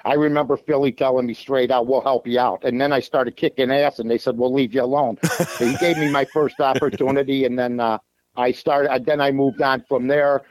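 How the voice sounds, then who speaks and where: A slightly fast, steady, medium-pitched voice with a darkish tone belongs to a Chicago sports radio host and handicapper. Calling in from his parked car, he gives blunt, casual sports talk peppered with fillers and restarts, on a low-quality recording.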